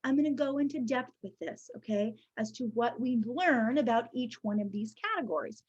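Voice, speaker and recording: A woman leading an online training session, chatty and lively, checking in with her audience with a frequent "okay?". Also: fairly high pitch, fairly quick, few pauses, slightly rough, muffled recording. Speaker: workshop presenter.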